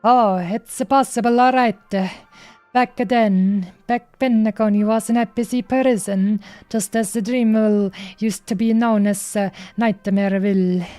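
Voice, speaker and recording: A woman's voice: mid-range voice, fairly even intonation, measured pace, a little mellow, faint music behind. A woman streamer reading game dialogue aloud in a playful way, stopping often on fillers as she goes.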